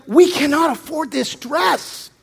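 A man's voice: very high-pitched, slow, vocal fry, voice pushed up, exaggerated voice. A male pastor acting out an exasperated husband who protests the cost of his wife's dress, as part of a joke in a sermon. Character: exasperated husband balking at a price tag.

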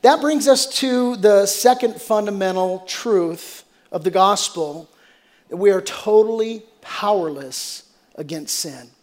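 A man's voice: high-pitched, takes it slowly. A middle-aged male pastor preaching a sermon, mixing scripture with humorous personal stories and emphatic repetition.

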